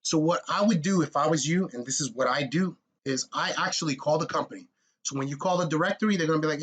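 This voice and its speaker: Blunt, energetic man coaching viewers. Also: on the high side, fast, husky. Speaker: military contracting advice vlogger. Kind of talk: casual screen-walkthrough tutorial.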